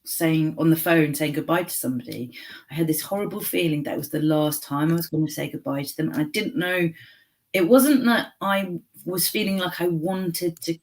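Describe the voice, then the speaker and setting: A woman, a comedian guest on a radio show, speaking in a halting, thoughtful way with fillers and sudden quick runs. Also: low voice. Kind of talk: casual chat.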